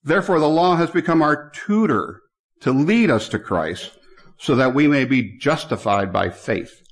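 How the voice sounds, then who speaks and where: A man's voice: fairly high pitch, animated, a little slow. A man preaching a sermon in a church, reading scripture aloud and speaking to the congregation.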